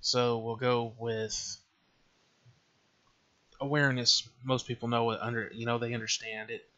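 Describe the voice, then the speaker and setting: Working through menus at his computer, a man hosts an informal game dev tutorial captured by screen recording, muttering his thoughts aloud. He speaks a little slowly at medium pitch, with a level, pushed, bright tone. It's a slightly dull, lo-fi recording.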